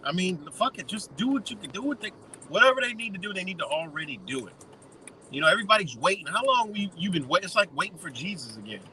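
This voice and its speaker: A man's voice: high-pitched, big pitch swings, fast talker, sharp tone, slight background noise, poor audio. A man ranting heatedly and with a lot of profanity on an outdoor live stream by a wintry lake.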